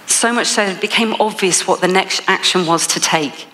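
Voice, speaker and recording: A woman's voice: fairly low pitch, moderate pace, sharp tone, long reverb tail. A woman with an English accent giving a motivational keynote speech, telling a story with frequent laughs. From England. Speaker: motivational speaker.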